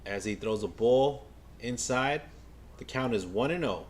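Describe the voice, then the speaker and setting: A man livestreaming a baseball game as a fan, giving casual play-by-play to his chat, stammering and repeating himself, then bursting out when a play excites him. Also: mid-range voice, unhurried, slight background noise. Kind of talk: casual live game watch-along commentary.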